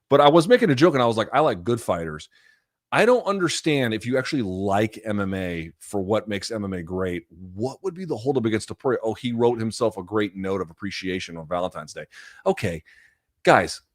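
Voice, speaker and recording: A man hosting a live chat show, talking fast and sarcastically with profanity, in a casual commentary style. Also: lowish voice, dry recording, studio quality.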